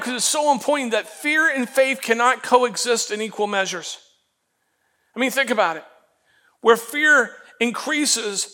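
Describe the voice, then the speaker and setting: A man preaching a sermon as pastor, animated and acting out the voices he quotes, often repeating words as he goes. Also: very high voice.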